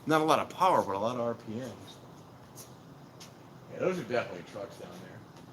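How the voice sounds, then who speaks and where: A man's voice: medium pitch, sing-song, brisk, background noise. A middle-aged man chatting casually on a live stream, telling rambling, self-mocking stories outdoors.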